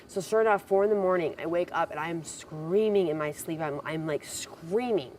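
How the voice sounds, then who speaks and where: A woman's voice: deep voice, fast, hardly any pauses, a little mellow, a little hiss or hum. A young woman telling a long personal story in casual conversation, full of "like" and acted-out quotes. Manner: rambling storytelling with many "like" and "I'm like" quotes. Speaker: reality show contestant.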